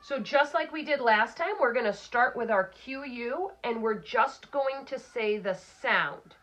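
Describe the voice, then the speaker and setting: A woman teacher giving a recorded phonics lesson for children, slowly sounding out letters and words. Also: fairly high pitch, a bit bright.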